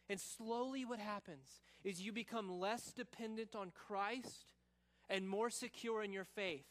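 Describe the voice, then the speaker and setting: A man preaching a sermon, telling a story and acting out quotes, then dropping to a quiet, searching tone. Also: high voice, unhurried. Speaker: pastor.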